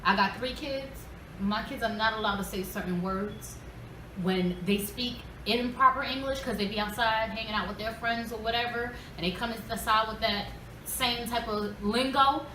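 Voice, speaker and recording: Bright-voiced new woman in her 30s, emphatic chat, echoey room with faint hiss. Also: a little high, moderate pace, recorded from a distance. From New York. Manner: emphatic, animated. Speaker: podcast co-host. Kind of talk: casual group chat.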